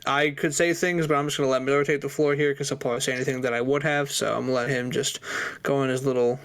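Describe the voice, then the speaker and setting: A man with a smooth, clear, mid-pitched voice hosting a casual sports podcast. He talks in a loose, meandering way as he steers the discussion. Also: level tone, fast talker, a bit bright. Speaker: podcast co-host.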